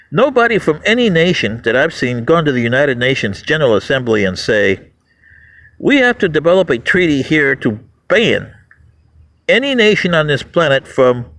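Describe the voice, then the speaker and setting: A man's voice: fairly bright tone, low-quality recording. A man hosting his own channel, delivering a mocking, ranting monologue and laughing at his audience. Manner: mocking, laughs at the audience, swings pitch widely. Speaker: YouTube channel host.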